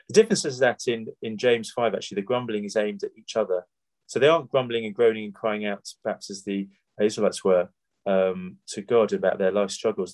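A man's voice: mid-range voice, a little mellow. A man from Britain giving a sermon in a conversational way, often asking his listeners rhetorical questions and restarting his phrases. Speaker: preacher.

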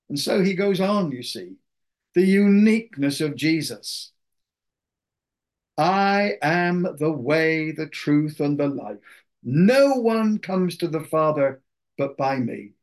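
A male preacher delivers a sermon at an unhurried pace. He reads passages aloud and then drives each point home with firm emphasis. His voice sits a little higher than most men's. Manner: slow, emphatic Bible exposition with scripture readings.

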